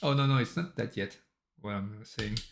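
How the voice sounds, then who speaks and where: A man's voice: lowish voice, normal speed, gravelly, a little hiss or hum. A French-accented man with a slightly sore throat, chatting in a rambling, self-amused way while streaming as a solo game developer. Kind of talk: casual livestream chat.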